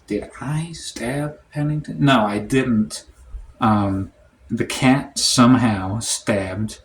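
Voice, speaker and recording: A man telling a comic story in a rambling, deadpan way, full of "like" and "um". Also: medium pitch, slow. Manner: rambling, heavy on "like" and "um". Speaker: storytime comedian. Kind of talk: comedic storytime monologue.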